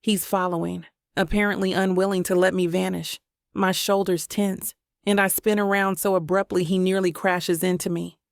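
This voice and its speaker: A woman reading a romance audiobook as a steady first-person narrator. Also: fairly low pitch, normal speed, creaky, dry recording, studio quality.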